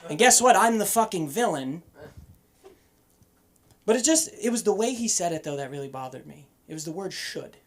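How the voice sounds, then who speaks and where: A young man from Boston doing an open-mic stand-up set, animated and profane, swinging between loud punchlines and muttered asides. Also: sits high, normal speed, pauses often. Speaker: stand-up comedian. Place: comedy club stage.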